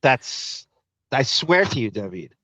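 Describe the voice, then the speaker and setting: A man hosting a podcast in casual chat, sardonic and quick with asides. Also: mid-range voice, sing-song, pushed and bright, no room sound. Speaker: podcast host. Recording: dull dry lo-fi sound.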